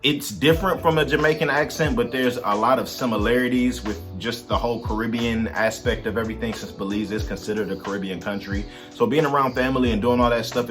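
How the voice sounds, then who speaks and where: Give me a relaxed, chatty man answering fan questions over background music. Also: mid-range voice, quick pace, few pauses. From Detroit, Michigan, USA. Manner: laid-back, slangy, chatty with viewers. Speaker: musician and content creator. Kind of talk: casual Q&A vlog.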